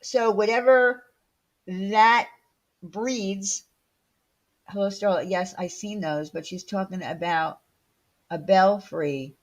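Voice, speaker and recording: A woman unhurriedly hosting a casual livestream, answering viewer comments as they come in. She talks bluntly, with plenty of fillers and some swearing. Her pitch sits in an ordinary middle range. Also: takes it slowly, pauses often. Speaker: livestream host.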